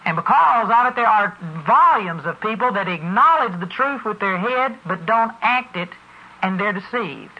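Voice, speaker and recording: Man, preacher, sermon, high voice, muffled lo-fi tape. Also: animated, normal speed. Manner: folksy, storytelling preaching. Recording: muffled lo-fi recording.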